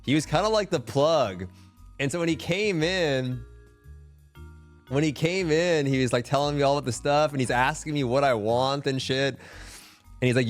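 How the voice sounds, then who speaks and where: A man's voice: medium pitch, normal speed, soft background music. A young man and streamer telling a story in casual chat, rambling with lots of filler words and swearing.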